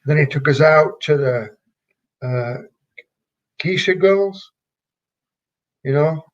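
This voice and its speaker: An older man from England, a former wrestler telling stories in an interview, halting and rambling with many fillers. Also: fairly high pitch. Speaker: retired pro wrestler, guest. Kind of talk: casual interview storytelling. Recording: dull lo-fi recording.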